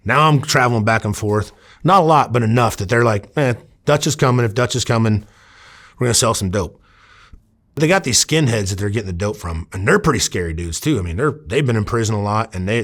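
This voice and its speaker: A middle-aged man from Iowa, a former undercover officer, telling a story in an interview and acting out the voices of the people in it. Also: on the low side. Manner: animated, acts out quoted voices.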